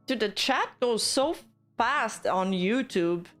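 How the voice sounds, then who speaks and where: A woman's voice: fairly high pitch, lively intonation, slow pace, a bit bright, faint music behind. Bubbly woman streamer chatting. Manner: bubbly, laughs often, talks to chat. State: losing her voice. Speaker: streamer host. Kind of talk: casual live-stream chat.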